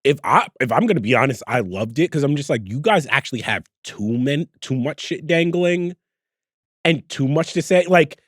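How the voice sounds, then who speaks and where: A man co-hosting a podcast in casual chat, animated and swearing freely, acting out his own thoughts. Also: medium pitch, moderate pace, no echo, studio quality. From New Jersey. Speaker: podcast co-host.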